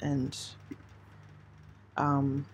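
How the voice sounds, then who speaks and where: A woman from Australia hosting a true crime channel, giving halting, emotional live commentary on breaking news while trying not to cry. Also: a bass voice, monotone, husky. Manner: halting, emotional, hesitant with restarts. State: near tears.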